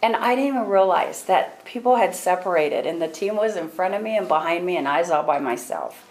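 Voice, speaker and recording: A woman leading a women's ministry, sharing a personal testimony with an audience in an animated storytelling way. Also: on the low side, a little fast, low-quality recording. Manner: animated storytelling, acts out her own prayers and other people's words; laughs often while telling.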